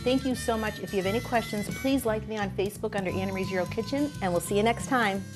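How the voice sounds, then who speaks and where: A woman's voice: medium pitch, fast, over music. An older woman hosting a cooking show, chatting enthusiastically as she demonstrates a recipe.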